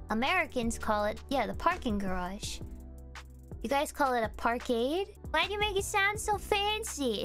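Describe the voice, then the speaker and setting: Young female streamer, high lively voice, playful and giggly, casual chat.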